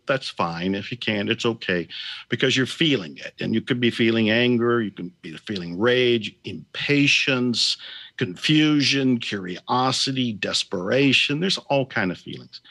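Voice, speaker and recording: A man leading a slow, gentle guided healing meditation as a guest teacher. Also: medium pitch. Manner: slow, gentle, reverent guiding.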